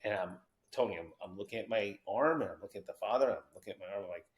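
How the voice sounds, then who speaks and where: A man from New Jersey, a podcast guest telling his story with animated energy and acted-out quotes. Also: fairly low pitch, very fast. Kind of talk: storytelling interview.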